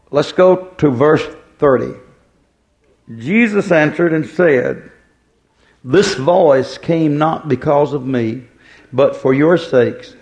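A male pastor preaching a sermon, asking the congregation rhetorical questions and reading scripture aloud with drawn-out emphasis. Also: fairly high pitch.

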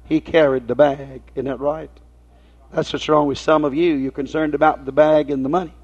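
A man's voice: fairly high pitch, steady tone, normal speed, darkish tone, breathy edge. A man preaching a folksy sermon, telling homespun stories and asking his listeners rhetorical questions. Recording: dull lo-fi recording.

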